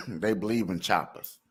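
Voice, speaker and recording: A man's voice: on the low side, slightly rough. A man hosting a casual, joking commentary show, laughing and riffing. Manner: animated, joking, laughing often. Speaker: host.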